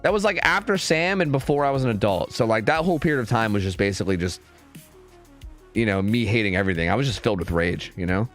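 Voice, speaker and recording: A man's voice: lowish voice, lively intonation, fast talker, a bit bright, soft background music. A man chatting casually with his stream viewers, rambling and swearing a lot, full of fillers. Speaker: streamer and game caster.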